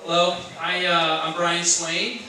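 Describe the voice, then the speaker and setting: A man in his thirties giving a wedding toast as the groom's brother, starting slowly and hesitantly. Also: sits high, fairly even intonation. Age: 30s. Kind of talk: wedding speech. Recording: echoey hall from far off, loud noise.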